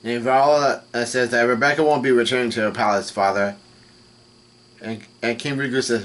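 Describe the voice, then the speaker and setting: A man acting as host, retelling a comic chapter in a halting way and reading the characters' lines out in an even voice. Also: medium pitch. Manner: halting, reads out dialogue in an even voice. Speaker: manga reaction host.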